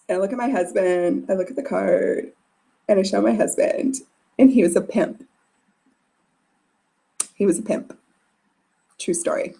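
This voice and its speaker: A woman giving a motivational business talk, telling a story in a chatty, animated way with lots of fillers. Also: fairly high pitch.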